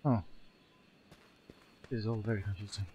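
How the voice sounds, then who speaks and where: Man, casual gameplay chat, excitable, quick bursts, faint background noise. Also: lowish voice. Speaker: friend playing the game.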